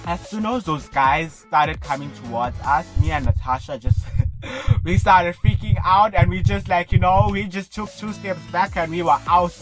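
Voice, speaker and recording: Animated young South African man vlogging. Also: sits high, moderate pace, music in the background. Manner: animated, breathless retelling full of swearing and fillers. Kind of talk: casual storytelling.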